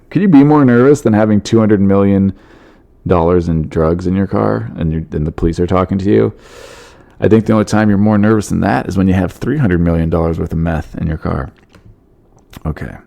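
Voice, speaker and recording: Male podcast host, dark and gravelly voice, fairly low, wry jokes about the news. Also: fairly quick, lo-fi sound. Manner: wry, joking asides, laughs at his own bits. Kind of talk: comedic news commentary.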